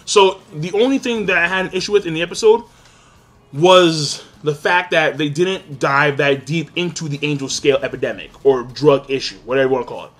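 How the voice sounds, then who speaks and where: A young man giving a casual, excitable review, swearing constantly and swinging between loud outbursts and low, calmer talk. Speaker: anime reviewer.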